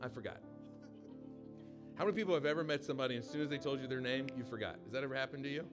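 A pastor preaching a conversational sermon to a live congregation, often asking the room questions. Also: male voice, mid-range voice, racing, over music. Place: church hall with live audience.

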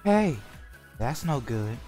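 A man's voice: medium pitch, sing-song, takes it slowly, dark tone, soft background music. A man hosting a stream and bantering with friends, laughing often and tripping over his words. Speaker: streamer hosting a group reading. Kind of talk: casual group banter on a stream.

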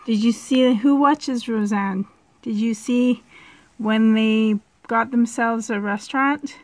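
Her voice slightly high, a woman vlogger talks with excitement but at an unhurried, slow pace, now and then whispering softly. She's in a dim room at home, and the casual chat is captured by a handheld camera indoors.

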